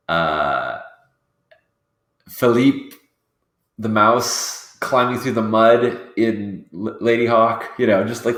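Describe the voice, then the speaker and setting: A man's voice: lowish voice, a bit bright. A man playing a tabletop game, chatting casually in a rambling, apologetic way and correcting himself often. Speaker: player. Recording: echoey room.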